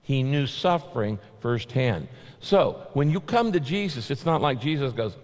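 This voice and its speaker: A man's voice: medium pitch, sing-song, unhurried, a little mellow. A male pastor preaching a sermon, emphatic and repetitive, his voice rising sharply on key points. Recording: long hall reverb.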